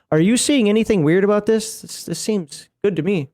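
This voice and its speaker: A man with a notably high voice, talking casually on a game livestream. He reads rulebook text aloud, then drifts into chatty tangents and laughs often. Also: fairly quick, hardly any pauses, a little mellow. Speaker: co-host of a tabletop game livestream. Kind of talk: casual chat while reading a rulebook aloud.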